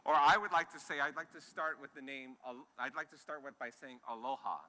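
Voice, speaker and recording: Speaking a little fast in a bright, forceful mid-range voice, a middle-aged Hawaiian man delivers a keynote talk to a live audience, enthusiastic and sometimes restarting. He's on a conference stage in a large hall, and the recording carries long hall reverb.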